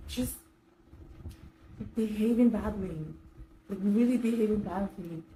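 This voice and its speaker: Mellow-voiced woman giving casual career advice. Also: medium pitch, roomy sound, a little hiss or hum, low-quality recording. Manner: conversational, many fillers and restarts. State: slightly dry throat. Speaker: self-help vlogger. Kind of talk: casual advice talk to camera.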